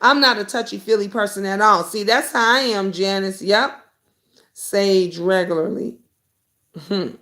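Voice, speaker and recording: A woman's voice: mid-range voice, measured pace. A middle-aged woman hosting a live stream, talking bluntly and reading viewer comments aloud, with the occasional swear. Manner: blunt and outspoken, swears freely; animated, jumps between comments and stories. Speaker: YouTube talk show host.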